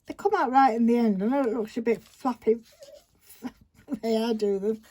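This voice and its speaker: A woman's voice: fairly high pitch, normal speed, mellow. Chatty woman crafting on camera. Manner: chatty, rambling, talks to herself while working. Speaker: crafter demonstrating a project. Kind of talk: casual craft tutorial chat. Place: indoors at a craft table. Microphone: phone camera. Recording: faint background noise with paper crinkling.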